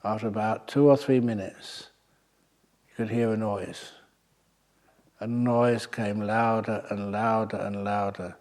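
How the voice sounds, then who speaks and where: A man's voice: lowish voice, steady tone, takes it slowly, pauses often, a little mellow. A man, a Buddhist monk, giving a humorous storytelling talk at a meditation retreat, wry and anecdotal with the odd filler.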